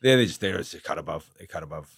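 A middle-aged man with a New Zealand accent, a guest telling stories in casual chat, halting with many fillers and restarts. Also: extremely low pitch, expressive, breathy edge, no room sound, studio quality. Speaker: guest, retired boxer.

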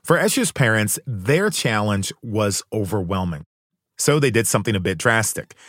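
A man hosting a podcast, giving measured, earnest scripted narration. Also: fairly low pitch, very animated, fairly bright tone, no room sound, clean studio sound. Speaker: podcast host.

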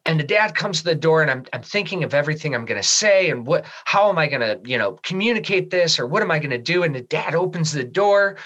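A man's voice: a little high, very animated, a little fast, bright, forceful tone, low-quality recording. A man in a podcast interview, telling a personal story and acting out his own past remarks with animation, then turning sincere and reflective. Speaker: guest.

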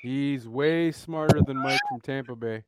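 A man's voice: mid-range voice, huge pitch swings, a little slow, a crowd in the background. A man with a Canadian accent, from Canada, a regular guest on a comedy podcast, cracking teasing jokes. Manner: wisecracking, teasing.

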